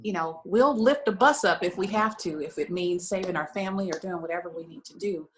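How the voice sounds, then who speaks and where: A woman's voice: lowish voice, fairly quick, a little hiss or hum, poor audio. A woman guest on a talk show, sharing an emotional story in an earnest, conversational way, with frequent "you know" fillers. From United States. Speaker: guest, lingerie shop owner.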